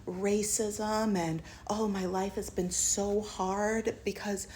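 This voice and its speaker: A smooth-talking man laying on a soft, mournful sob story, as a woman mimics him. He sounds hushed and self-pitying. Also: mid-range voice, steady tone, takes it slowly, a little hiss or hum, natural voice. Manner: soft, mournful, fake-sad.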